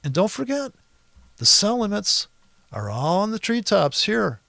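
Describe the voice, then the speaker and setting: A man's voice: sits high, sing-song, measured pace, gravelly, pushed and bright, no room sound. A man walking through a trading chart in an exasperated, sarcastic, profane running commentary that rambles with restarts and asides. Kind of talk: screen-recorded chart commentary.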